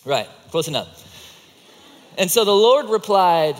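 A man's voice: high-pitched, big pitch swings, a little slow. A man teaching a children's group, acting out a Bible story with volunteers in a playful, coaching way. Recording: echoey hall.

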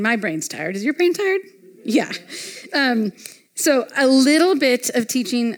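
A woman speaking to a live audience at a retreat, teaching in a casual, conversational way with many fillers and reading scripture aloud. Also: fairly high pitch.

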